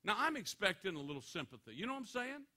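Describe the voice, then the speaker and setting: A man addresses a room of students as a motivational speaker, spinning animated, joking stories. His voice sits a little high and comes across bright and forceful. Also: fast talker.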